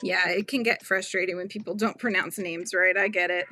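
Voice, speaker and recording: A woman's voice: on the low side, steady tone, fairly quick, bright, forceful tone, faint music behind. A woman hosting a casual live stream, chatting and giggling as she reads viewer comments aloud. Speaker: livestream host chatting with viewers. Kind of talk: casual live-stream chat while crocheting.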